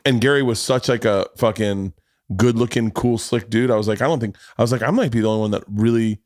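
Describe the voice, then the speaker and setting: A man in his forties hosting a podcast, telling a long story in casual chat, animated and swearing, jumping into quoted voices. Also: on the low side, a little fast, no room sound, studio quality. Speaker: podcast host.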